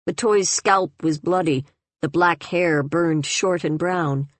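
A woman narrating a novel in a measured, even way. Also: lowish voice, dry recording. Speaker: audiobook narrator. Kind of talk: scripted narration.

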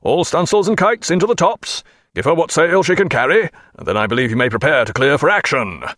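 A man's voice: fairly high pitch, very animated, fairly quick, a bit bright, dry recording, clean studio sound. A man voicing a commanding naval captain who barks clipped orders to his crew. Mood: brisk orders.

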